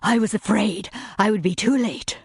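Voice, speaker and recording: Woman voicing an earnest, humble gentleman suitor. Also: medium pitch, moderate pace, vocal fry, breathy edge, no room sound, clean studio sound, pitched above the performer's own voice. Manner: sincere, gently pleading. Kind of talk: audiobook narration.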